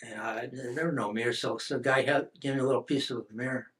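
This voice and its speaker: A man's voice: medium pitch, steady tone, fast, fairly bright tone. An older man from the United States, a veteran telling his story in an oral history interview, rambling with many restarts and fillers.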